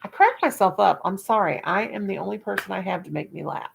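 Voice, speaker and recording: A woman's voice: mid-range voice, brisk, vocal fry, noisy background. An older woman, hosting a casual livestream chat with viewers, folksy and self-mocking, laughing at her own jokes. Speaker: livestream host.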